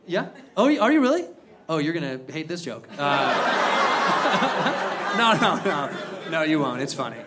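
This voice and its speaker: A man doing a stand-up comedy set, telling an animated story that builds to shouted punchlines. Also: a little high, moderate pace, long pauses, heavy background noise. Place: comedy venue stage. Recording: live club set, crowd laughter. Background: audience laughing.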